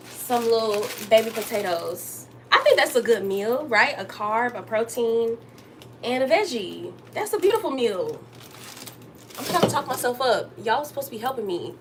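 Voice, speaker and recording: A young woman hosting a casual livestream from her kitchen while she cooks, chatting straight to her viewers and jumping up high to greet them. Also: expressive, moderate pace, background noise. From Texas. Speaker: livestream host. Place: home kitchen.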